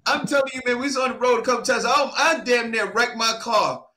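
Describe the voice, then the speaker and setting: A man, a comedian, reminiscing excitedly in casual chat, often tossing in "man". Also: extremely high pitch, quick pace, slight background noise. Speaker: comedian and podcast guest.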